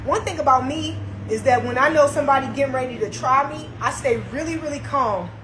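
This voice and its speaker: A young woman on a live stream, telling a story in casual slang that moves from calm asides to heated outbursts. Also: high voice, fairly quick, echoey room, background noise.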